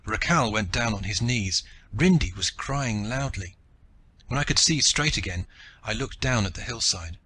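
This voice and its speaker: A man reading an audiobook in the first person with a steady, dramatic delivery. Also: lowish voice, normal speed, slightly rough. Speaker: audiobook narrator.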